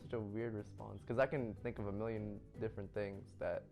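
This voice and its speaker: A young man hosting a casual interview, chatty and relaxed, laughing easily as he asks quick questions. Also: lowish voice, vocal fry. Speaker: interviewer and series host. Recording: faint music underneath.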